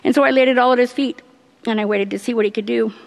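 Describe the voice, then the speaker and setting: A middle-aged woman giving a personal faith testimony, earnest and halting, laughing often as she tells it. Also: fairly high pitch, fairly even intonation, creaky, long reverb tail. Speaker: church member giving testimony.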